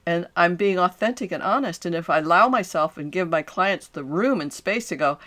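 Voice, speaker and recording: An older woman, a coach and podcast host, giving a solo talk to the audience in an earnest, animated way, with affirming asides and frequent restarts. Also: lowish voice, moderate pace, few pauses.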